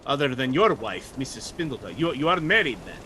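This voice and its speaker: A man's voice: mid-range voice, sing-song, a little fast, pushed and bright, a little hiss or hum. A man narrating as game master in a tabletop game, casual and easygoing, with frequent fillers. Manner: casual, laughing, hesitant with fillers.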